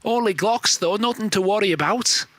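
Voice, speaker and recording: A man's voice: high voice, normal speed, a bit bright, no room sound, voice pushed up. A man doing an exaggerated, shifting English regional accent while casting a game, calling players "mate" and "lad" in a brash, slangy way. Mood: cheeky. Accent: mixed English regional accents, put on. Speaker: esports caster. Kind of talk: comedic play-by-play commentary.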